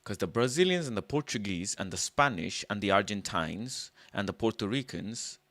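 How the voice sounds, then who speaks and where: A young man hosting a casual livestream, thinking out loud in an animated way and breaking into loud shouts. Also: on the low side, moderate pace, no room sound. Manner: animated, musing aloud, loud shouted bursts. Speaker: livestream host.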